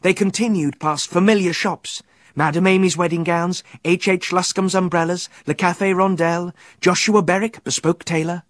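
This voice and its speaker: A man narrating a children's story aloud in a measured storytelling manner. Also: sits high, steady tone. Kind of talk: audiobook narration.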